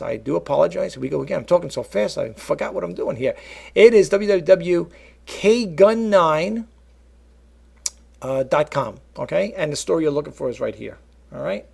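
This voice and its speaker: Middle-aged man, very gravelly voice, slightly high pitch, casual rambling vlog talk, lots of fillers. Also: expressive, moderate pace, a little mellow. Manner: rambling, many fillers and asides, addresses viewers as folks. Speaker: vlogger and eBay reseller.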